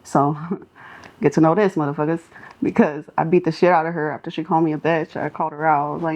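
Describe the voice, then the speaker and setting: A woman's voice: low voice, fast, highs cut off. A young woman from Southern California, a singer guest on a podcast, telling street stories in a casual, profane way, laughing often and acting out what people said. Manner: animated, laughing, acts out quotes.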